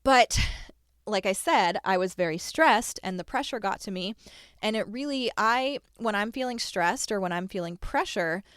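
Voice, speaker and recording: A young adult woman talks straight into a close mic in a dry, deadened room, hosting her own podcast. Her delivery is chatty and candid, with quick self-deprecating asides. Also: mid-range voice, lively intonation, fairly bright tone, clear, resonant tone, no echo. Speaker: podcast host. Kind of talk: solo podcast monologue.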